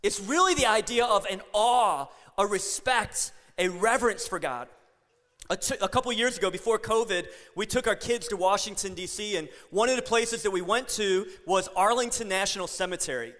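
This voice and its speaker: A man's voice: high voice, normal speed, a bit bright. A man preaching a sermon as pastor, telling stories in a conversational way with asides and self-corrections. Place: church sanctuary. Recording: long hall reverb.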